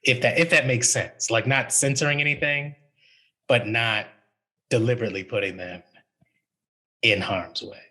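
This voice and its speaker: A man's voice: medium pitch, fairly even intonation, moderate pace, long pauses, pushed and bright, low-quality recording. A man speaking as a university archivist on a panel, thoughtful and conversational, with frequent fillers. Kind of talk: panel discussion.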